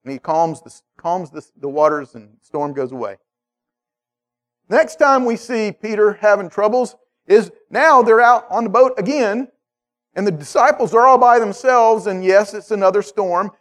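A man preaching a sermon in a lively, conversational way, often checking in with his listeners. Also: high voice, moderate pace. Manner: animated, conversational, checks in with "okay?".

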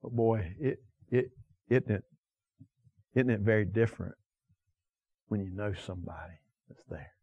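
A man preaching a sermon with passion, asking the listeners many direct questions and swinging from loud emphasis to quiet asides. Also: on the low side, a little slow, pauses often, husky, dry recording, highs cut off. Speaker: pastor.

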